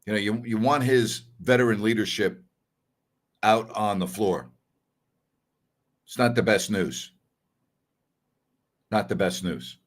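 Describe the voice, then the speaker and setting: A man's voice: on the low side, takes it slowly, long pauses. A man hosting a sports talk show, giving blunt, opinionated commentary in a casual, conversational way. He repeats his points for emphasis and takes back his own harsh words. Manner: conversational, with fillers and self-corrections.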